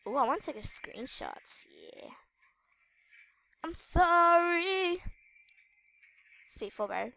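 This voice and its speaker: Female gaming host, very high and unhurried voice, excitable and shrieky while narrating play to viewers. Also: vocal fry. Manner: excitable, squealing and shrieking at in-game danger; chatty asides to viewers. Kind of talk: live gameplay commentary.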